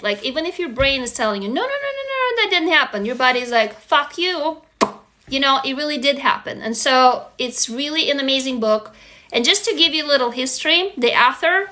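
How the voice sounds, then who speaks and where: A Russian woman who teaches writing hosts a casual live stream into her phone, frank and animated. She swears freely and shouts excited greetings to viewers, and her voice sits high.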